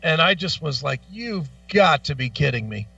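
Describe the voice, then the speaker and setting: A man co-hosting a radio talk show, telling stories with lots of profanity in a lively, animated way. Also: a little high, moderate pace, gravelly, recorded from a distance, dull audio, faint music behind. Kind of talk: casual chat. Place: radio studio.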